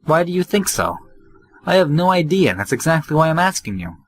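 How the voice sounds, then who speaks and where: A man's voice: on the high side, sing-song, fairly quick, a little hiss or hum, pitched above the performer's own voice. A man voicing a bratty, irritable teenage girl prankster in a raised, teasing voice. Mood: pouting.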